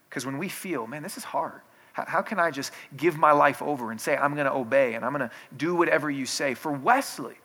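A man's voice: on the high side, sharp tone. A man preaching a sermon in a conversational way, with restarts, building in intensity. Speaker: pastor.

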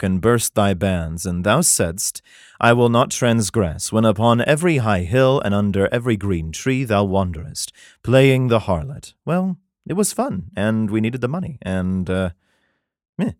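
A man's voice: medium pitch, dry recording, studio quality. A man reading old scripture verses aloud and breaking in with sarcastic, irreverent comments that include swearing. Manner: plain unhurried reading of archaic verse.

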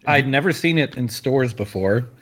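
A man's voice: mid-range voice, lively intonation, normal speed, fairly bright tone. Rambling, laughing man from Texas. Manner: rambling storytelling, laughs often. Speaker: podcast co-host. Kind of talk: casual chat.

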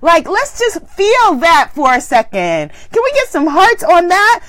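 A woman's voice: very high voice, big pitch swings, a little slow, a bit bright, no room sound. A woman hosting a spiritual live stream at home, chatting casually and reading viewer comments with exuberant, affectionate energy. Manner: exuberant, affectionate, breaks into cheers and laughter. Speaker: spiritual livestream host.

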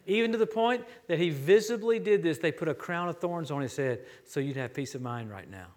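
A man's voice: on the high side, animated, a little fast. A middle-aged man from Louisiana, a traveling preacher giving a sermon in a church, telling stories with quoted dialogue.

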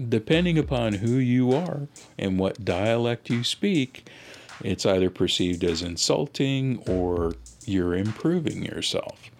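A man's voice: lowish voice, lively intonation, a little slow, a little mellow, a little hiss or hum. A man being interviewed as a linguist, recounting a childhood story in a reflective, conversational way with many "you know" asides.

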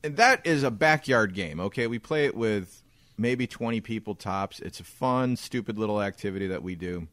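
A man's voice: fairly low pitch, moderate pace, a bit bright, no echo. A man co-hosting a casual podcast, talking in a rambling, emphatic way with frequent swearing. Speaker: podcast co-host.

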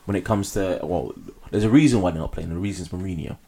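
A man recapping match highlights in casual chat as a co-host, steady with dry asides. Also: fast talker. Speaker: football podcast co-host.

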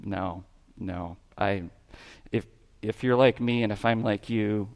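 A man's voice: on the low side, fairly even intonation, slow, clean tone, long reverb tail. A man preaching a sermon in a church, talking in a conversational way and asking his listeners questions. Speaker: pastor. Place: church sanctuary.

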